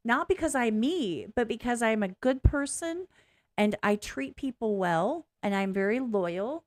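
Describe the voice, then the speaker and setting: A woman talks straight to her viewers in a loose, rambling vlog, frank and unfiltered, with the odd curse word. Her voice sits a little on the high side. She often breaks off and restarts mid-thought. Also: animated, unhurried. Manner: blunt, candid, swearing. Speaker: vlogger. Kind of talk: casual reaction vlog.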